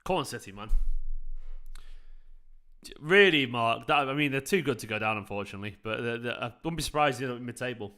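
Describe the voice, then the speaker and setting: Bright-voiced man, casual. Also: mid-range voice, lively intonation, brisk, long pauses. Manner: casual, chatty, laughs while reading chat. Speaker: fan channel host. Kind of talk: live football watchalong commentary.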